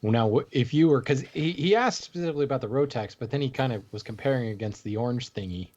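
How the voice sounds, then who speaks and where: A man co-hosts a podcast in casual conversation, dropping wry asides. His voice is mid-pitched and plain. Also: animated, quick pace, a little mellow, dull audio. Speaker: podcast co-host.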